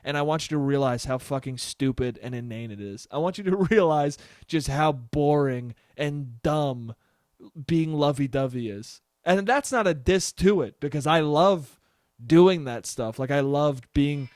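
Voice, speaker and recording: A young man talks through a solo podcast monologue, slightly high-voiced and loose, swearing freely and cracking himself up. The sound is dry and close, with no room in it. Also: a little slow, darkish tone, dry recording. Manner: rambling, profane, laughs often. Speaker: podcast host.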